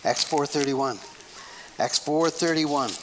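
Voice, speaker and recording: A man's voice: a little high, slow pace, background noise. A male preacher giving a folksy, emphatic sermon, repeating phrases and often breaking into laughter.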